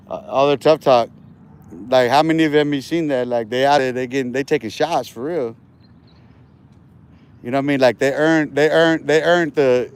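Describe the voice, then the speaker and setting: A man's voice: mid-range voice, a little hiss or hum. Profane, boastful man streaming outdoors. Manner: boastful, profane street slang. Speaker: livestreamer. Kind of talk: casual livestream chat. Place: outdoors in a park.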